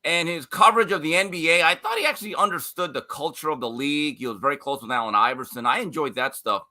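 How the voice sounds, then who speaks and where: A male sports commentator talking in a casual, opinionated way. His voice is bright and cutting, with a lively, swinging pitch. He leans hard on his points. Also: quick pace. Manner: opinionated, emphatic, mocking impressions.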